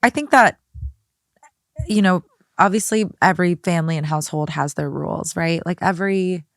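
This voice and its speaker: Young woman guest co-host, chatty and opinionated, lower pitch, dry close sound. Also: normal speed, no echo. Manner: opinionated, chatty, lots of fillers. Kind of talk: casual chat.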